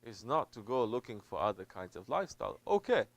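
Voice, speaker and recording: A man, a Sufi teacher, preaching a sermon in an emphatic way. He drops to low murmurs, then builds to loud, stressed peaks, and he repeats phrases for weight. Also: big pitch swings, fairly quick, creaky, no room sound. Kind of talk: sermon answering a question.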